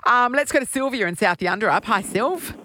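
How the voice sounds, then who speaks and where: A man's voice: very high voice, animated, a little fast, pushed and bright, a little hiss or hum. A man hosting a radio talk show, taking callers and laughing often. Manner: laughs often, brief reactions. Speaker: radio host. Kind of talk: casual chat with callers.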